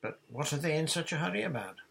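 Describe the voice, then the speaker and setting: Man voicing an eager girl sailor in a storybook reading, earnest, lifted pitch, husky. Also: lively intonation, fast talker, fairly bright tone, full character voice. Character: eager young girl sailor, keen to prove herself.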